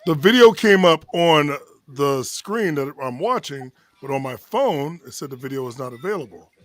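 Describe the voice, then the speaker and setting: Co-host, male, slightly high voice with a lively, bouncy pitch, playful banter. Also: normal speed. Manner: laughing, playful quips. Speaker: trivia co-host. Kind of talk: casual banter.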